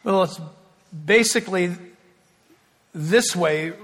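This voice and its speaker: A man preaches to his congregation in a high, clear voice, chatting through asides and acting out little scenes. His bright, forceful tone rings with the long echo of a large church hall. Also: takes it slowly. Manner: lively, conversational preaching with asides and acted-out scenes. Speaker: pastor. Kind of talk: sermon. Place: church sanctuary before a congregation.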